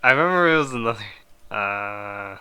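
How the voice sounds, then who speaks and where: A man co-hosting a podcast, speaking in a casual, halting way and losing his train of thought. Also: lowish voice, animated, sharp tone, clear, resonant tone, dry recording. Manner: halting, forgetful. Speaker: podcast co-host. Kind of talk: casual chat. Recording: noisy recording.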